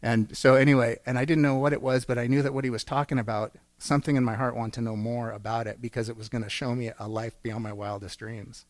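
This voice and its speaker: A man's voice: medium pitch, steady tone, fast talker, hardly any pauses, no room sound. A man giving an earnest personal testimony in a church, telling his story and acting out quotes. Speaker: church speaker.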